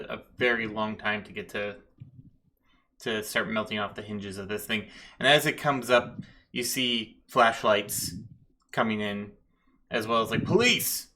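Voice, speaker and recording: A man's voice: fairly low pitch, pushed and bright. A man narrating as game master of a tabletop game, with loose narration full of fillers.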